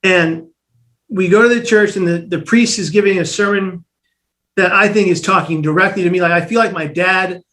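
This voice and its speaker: High-voiced man telling his story. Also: moderate pace. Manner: animated, acts out quoted voices, restarts often. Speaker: guest. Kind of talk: personal storytelling in an interview.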